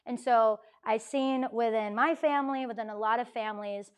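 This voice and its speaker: Young woman, conversational ministry speaker, slightly high voice, animated quoting. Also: normal speed, smooth. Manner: chatty, acts out quotes, frequent "right?". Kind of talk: lively faith talk to students.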